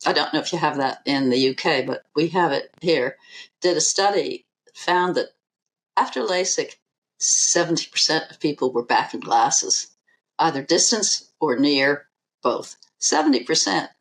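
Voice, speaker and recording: An eye surgeon being interviewed on a podcast, this woman speaks in a measured, emphatic way and repeats her key figures. Her voice sits low.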